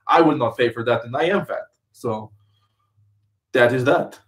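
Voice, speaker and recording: A man's voice: moderate pace, lightly acted. Man putting on a mock-Russian fitness hustler. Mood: deadpan joking. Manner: broken grammar, deadpan sales pitch. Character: joking Russian-accented male fitness hustler.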